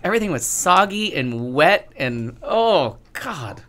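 A man's voice: on the high side, slow. A man co-hosting a casual chat, telling stories with lots of laughs and swearing. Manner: animated storyteller, swears freely, laughs often. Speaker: podcast co-host.

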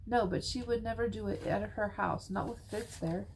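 A woman voicing a sensible preteen heroine in a storybook, wary but reasonable. The voice has a middle pitch and a gravelly rasp from the reader. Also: fairly even intonation, normal speed, slight background noise, natural voice, low-quality recording.

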